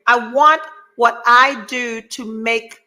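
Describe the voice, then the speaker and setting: A woman's voice: a little high, fairly even intonation, takes it slowly, bright, forceful tone, poor audio. A middle-aged woman hosting a podcast, giving a candid motivational monologue, blunt and profane, emphatic, with rambling asides. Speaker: podcast host.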